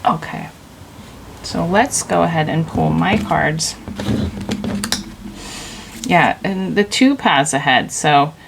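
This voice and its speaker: A woman's voice: deep voice, slow pace, gravelly, long pauses, background noise. A woman giving a casual, intuitive tarot reading, rambling loosely and leaning on filler words as she goes. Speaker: tarot reader.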